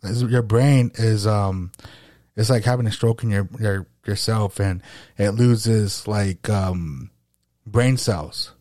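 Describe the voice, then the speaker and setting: A man's voice: lowish voice, a little mellow, no echo, studio quality. Man with a slight lisp, hosting. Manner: halting, with frequent restarts and searching for words. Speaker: podcast host. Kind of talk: casual podcast conversation.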